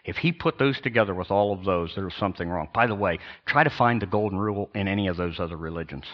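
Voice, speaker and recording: An older man, a pastor, preaching a sermon in an emphatic, sarcastic way with pauses and restarts. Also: low voice, muffled recording.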